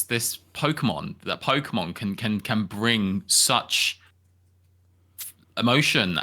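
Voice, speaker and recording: Bright-toned hesitant man. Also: on the low side. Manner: hesitant, repeats words, gentle. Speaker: podcast co-host. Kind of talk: casual podcast chat.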